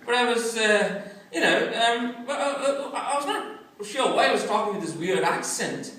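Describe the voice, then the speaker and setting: A man's voice: very high-pitched, normal speed. Middle-aged Indian-born man doing stand-up. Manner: self-mocking, deadpan punchlines between laughs. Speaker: stand-up comedian. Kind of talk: stand-up comedy set. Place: large echoey performance hall. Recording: echoey hall, distant, noisy.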